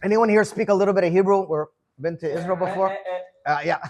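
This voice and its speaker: A man in his fifties leads an informal farbrengen in a room with a gathered group, chatting and telling stories. He often repeats words as he starts a sentence, speaking fairly quickly in a high-sitting voice with a darkish tone.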